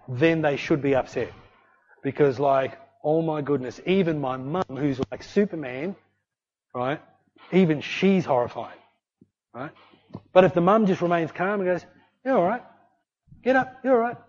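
A man preaching in a loose, conversational style, his voice sitting a little high for a man. He slips into quick acted voices as he tells stories. The recording sounds dull and lo-fi. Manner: conversational, animated, acts out voices in anecdotes. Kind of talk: sermon.

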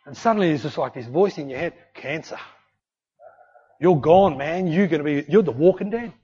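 Animated preacher, dull lo-fi sound. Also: male voice, on the high side, normal speed, husky. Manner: conversational, animated, acts out voices in anecdotes. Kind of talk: sermon. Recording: dull lo-fi recording.

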